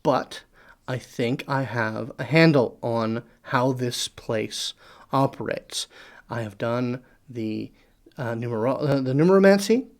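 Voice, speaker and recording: Scheming long-lived husband, game master's voice: calm, condescending reassurance, tabletop role-play. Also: medium pitch, slow pace. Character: patient, scheming long-lived male gambler.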